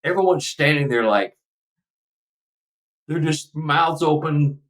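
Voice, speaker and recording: A man's voice: on the high side, animated, slow pace, a bit bright, distant mic, low-quality recording. A man in his seventies from Texas, a podcast guest telling a personal story in a casual, emotional, rambling way.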